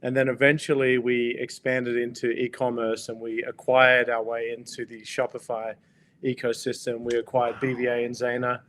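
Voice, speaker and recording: A man's voice: mid-range voice, moderate pace, a little hiss or hum. A man with an Australian accent, speaking casually as a podcast guest about his work, with many fillers. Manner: relaxed, hesitant with fillers. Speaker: guest, company co-founder. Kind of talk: casual interview chat.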